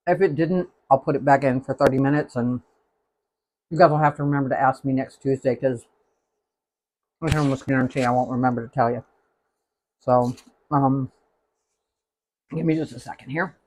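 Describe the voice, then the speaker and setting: A man's voice: mid-range voice, steady tone, moderate pace, pauses often, darkish tone. A man hosting a live cooking stream, chatting casually and rambling as he tastes the food. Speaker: cooking show host.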